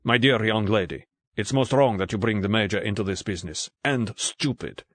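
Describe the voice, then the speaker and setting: A male audiobook reader voicing a proud, gruff Greek man with a deep voice. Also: dry recording, lightly acted. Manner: measured, contemptuous. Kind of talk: audiobook character voice.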